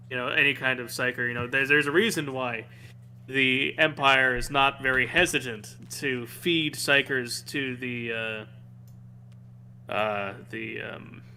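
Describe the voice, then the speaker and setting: A man's voice: mid-range voice, bright, forceful tone, a little hiss or hum. A young man chatting over a card game, explaining game lore at length with many fillers and restarts. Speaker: show regular.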